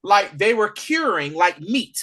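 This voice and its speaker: A man co-hosting a podcast, casually recapping a TV episode in animated storytelling, acting out the characters' lines. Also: high-pitched, unhurried. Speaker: podcast co-host. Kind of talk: casual spoiler review chat.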